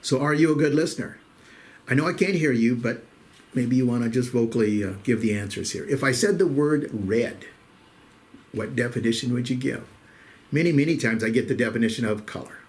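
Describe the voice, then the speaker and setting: A man's voice: mid-range voice, fairly quick, a little mellow. A middle-aged man hosting a weekly show, telling jokes in a folksy, casual monologue and calling his listeners "folks.". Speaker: host.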